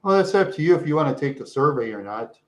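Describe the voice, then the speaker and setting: Fast and sing-song, this man's rather high voice carries a rambling livestream chat with his viewers. He laughs frequently, repeats himself, and says "yeah" a lot.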